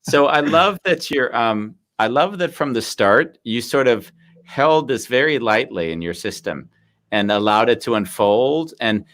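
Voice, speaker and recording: A man's voice: medium pitch, animated, a little slow, fairly bright tone. A man, hosting a casual live podcast interview and asking long, reflective questions. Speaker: podcast host.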